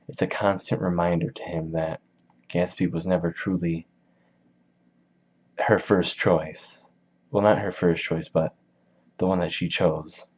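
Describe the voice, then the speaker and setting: A man's voice: low voice, a little mellow. A man giving a casual book summary in a slangy, rambling, jokey way, in a dull lo-fi recording. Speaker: video host.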